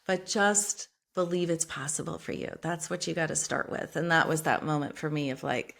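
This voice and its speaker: A woman's voice: deep voice, fairly even intonation, normal speed, creaky, hardly any pauses, a bit bright. A woman author speaking as a podcast guest in a passionate, emphatic, motivational way, casually swearing. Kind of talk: motivational interview talk.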